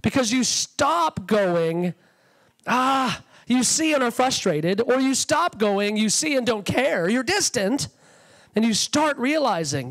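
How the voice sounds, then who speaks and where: A man's voice: very high voice, very animated, a little slow, fairly bright tone, rough recording. A man preaching a sermon as a guest speaker, passionate and conversational, acting out little quotes. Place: church sanctuary.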